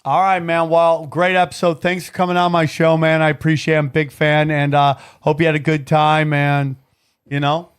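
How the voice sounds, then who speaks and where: A man's voice: a little high, normal speed, smooth. A man hosting a podcast in casual chat, ranting with a lot of swearing. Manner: profane, animated rants. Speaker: podcast host.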